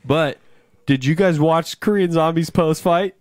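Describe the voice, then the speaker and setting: Man, podcast host, casual chat, profane, animated, dry sound. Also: on the high side, measured pace, no room sound.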